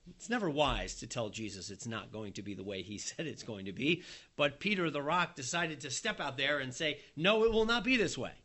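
A man preaching a sermon, telling the story in a lively way with a chuckle here and there. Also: medium pitch, moderate pace, breathy edge.

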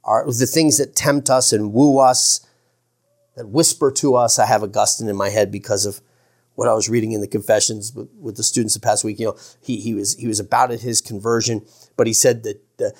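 A man preaching a sermon as pastor, earnest, slowing for emphasis and stumbling over restarts. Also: lowish voice, steady tone, darkish tone. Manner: shifts from slow emphatic phrases to quick asides.

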